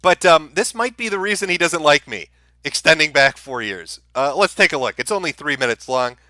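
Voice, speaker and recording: A man rants through a live-stream commentary, sarcastic and full of swearing. His voice is very bright and swings up and down in pitch, recorded close and dry. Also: animated, brisk, no room sound. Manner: heated, profane, sarcastic rant. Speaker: streamer host.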